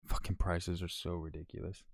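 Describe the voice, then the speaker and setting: A man's voice: deep voice, flat delivery, moderate pace, no room sound, clean studio sound. A man casually chatting on a live stream, frank and profane, rambling with restarts as he answers viewers.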